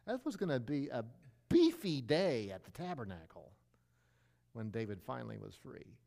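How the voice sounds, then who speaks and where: A man's voice: very animated, normal speed, gravelly, dark tone. Male pastor preaching conversationally. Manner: conversational, explaining with examples and rhetorical questions; varies pitch and pace widely for emphasis. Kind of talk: sermon.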